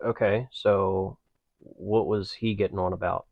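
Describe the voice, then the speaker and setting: A man's voice: low-pitched, fairly even intonation, gravelly, no echo, lo-fi sound. A man co-hosting a podcast, making wry, joking comments in casual banter. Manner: wry, joking asides, slow drawl. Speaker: podcast co-host.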